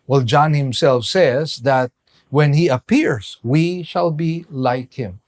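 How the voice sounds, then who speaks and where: A male pastor giving a measured sermon, pausing for emphasis as he explains scripture. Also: fairly high pitch. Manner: slow, measured preaching with emphatic pauses.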